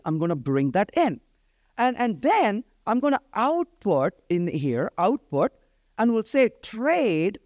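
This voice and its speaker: A man's voice: high-pitched, a little mellow, dry recording, clean studio sound. A middle-aged man giving a live-coding lecture, talking in a conversational way and often checking in with "right?". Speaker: programming instructor.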